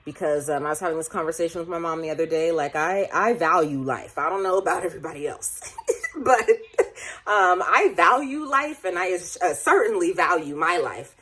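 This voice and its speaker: A woman in her late twenties with a slightly low voice, speaking to camera in a personal vlog. She talks in a loose, rambling way, restarting her sentences often and breaking into laughs. Now and then her voice wavers close to tears. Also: fairly quick, fairly bright tone. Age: late 20s. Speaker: vlogger.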